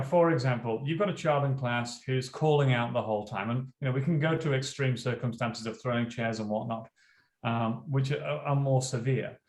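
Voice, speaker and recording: A man in his forties, a teacher and school principal, telling classroom stories in an earnest, conversational way during an interview. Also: medium pitch. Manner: earnest, storytelling, acts out classroom dialogue. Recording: echoey room.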